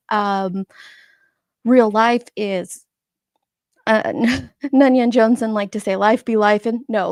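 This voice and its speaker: Gravelly-voiced woman chatting on a live stream. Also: mid-range voice, a little mellow, no room sound, clean studio sound. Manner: chatty, laughs often, greets viewers by name. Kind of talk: casual live-stream chat greeting viewers. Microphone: streaming setup microphone.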